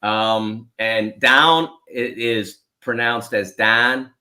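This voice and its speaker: A man's voice: medium pitch, fairly even intonation, drawn-out words, pushed and bright. A man grew up around Pittsburgh, a sports writer guest on a radio show who explains things with many stammered repeats. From Pittsburgh area. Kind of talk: casual radio interview chat.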